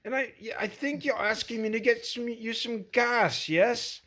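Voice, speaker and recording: Someone putting on a prim flustered gentleman. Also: medium pitch, measured pace. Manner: prim and overly polite. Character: polite fussy gentleman, flustered.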